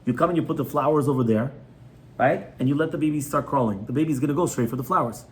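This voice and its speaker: This rabbi talks fast in a mid-range, somewhat mellow voice while giving a conversational Torah class on educating children. The setting is a residence with a small group, and he frequently checks in with "right?"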